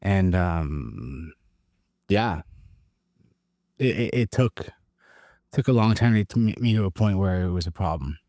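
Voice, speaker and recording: A man from Canada candidly telling his recovery story in an interview, halting and emotionally raw. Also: sits low, expressive, mellow, dry recording, clean studio sound. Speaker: guest sharing recovery story.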